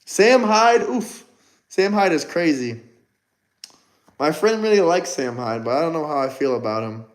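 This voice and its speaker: A male livestreamer with a high-pitched voice talks casually to his chat. He answers commenters with combative, mocking jabs. His delivery stays loose and off-the-cuff. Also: moderate pace, low-quality recording. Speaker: livestream host.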